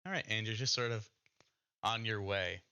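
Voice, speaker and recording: A man's voice: fairly low pitch, moderate pace, bright, forceful tone, smooth, dull audio. A man narrating as game master, loose and rambling with lots of fillers.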